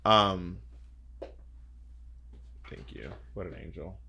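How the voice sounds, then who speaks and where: A man co-hosting a podcast in a casual recap chat. He is animated and acts out the people he quotes in little voices. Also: low-pitched, takes it slowly, gravelly, husky. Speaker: podcast co-host.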